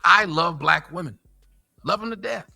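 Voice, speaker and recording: A man's voice: fairly high pitch, normal speed, vocal fry, pushed and bright, dry recording, faint music behind. An American man hosting a reaction stream, ranting with profane, scornful commentary. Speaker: reaction channel host.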